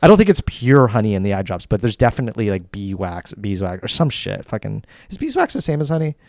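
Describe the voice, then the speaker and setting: A man's voice: lowish voice, quick pace, creaky, no room sound, studio quality. A man co-hosting a casual podcast chat from home, rambling through stories and swearing freely. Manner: animated, swearing, rambling storyteller. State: tired. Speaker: podcast co-host. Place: home studio.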